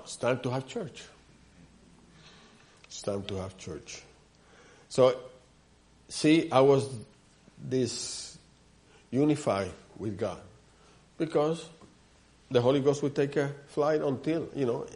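A man's voice: mid-range voice, a little mellow. A man preaching a sermon, telling his story earnestly, repeating himself and turning often to the listeners.

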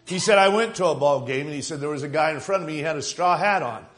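Fervent higher-voiced male preacher. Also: fast talker. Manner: fervent, rising to shouts, quoting and laughing. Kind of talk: sermon.

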